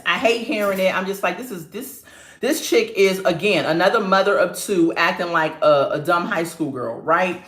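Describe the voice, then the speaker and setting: A woman's voice: medium pitch, a bit bright, reverberant. A woman recapping a reality show in a sassy, opinionated way, acting out the quotes in the casual chat.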